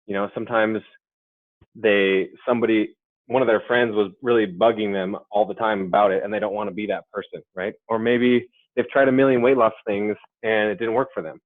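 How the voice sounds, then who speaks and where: Low-voiced man on a tinny webinar line. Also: fairly even intonation, a little fast, no echo. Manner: conversational, often adds "right?" and "okay?". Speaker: sales trainer. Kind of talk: webinar training talk. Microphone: computer or headset mic on a webinar. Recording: dry, phone-like webinar audio.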